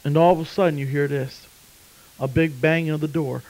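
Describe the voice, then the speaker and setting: A man's voice: fairly high pitch, steady tone, fairly quick, a little mellow, rough recording. A man preaching a sermon, telling a story and then fervently urging listeners to come to faith. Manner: storytelling, then fervent pleading altar call.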